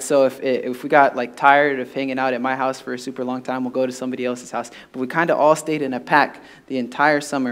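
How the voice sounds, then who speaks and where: A man preaching a sermon at a church service, telling stories in an animated way with frequent fillers. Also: fairly high pitch. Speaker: pastor.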